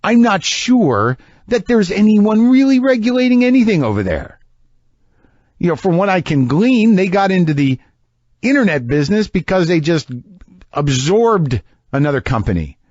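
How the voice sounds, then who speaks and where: A man's voice: high voice, sing-song, moderate pace, darkish tone, dry recording, dull audio. A middle-aged man telling a sardonic, exasperated comic story as a podcast host. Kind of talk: comedic monologue rant.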